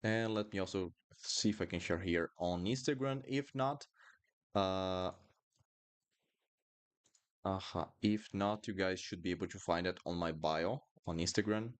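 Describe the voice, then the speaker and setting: A man's voice: low voice, unhurried, smooth. A man with a Brazilian accent, a native Portuguese speaker, teaching pronunciation in a live online lesson and patiently repeating words for drills.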